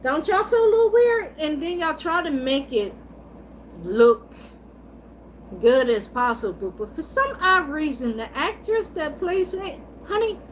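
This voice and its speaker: A woman hosting a livestream, chatting about soap operas and answering her chat in an animated, gossipy way, swearing freely and laughing often. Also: high-pitched, a little hiss or hum, low-quality recording. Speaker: livestream host.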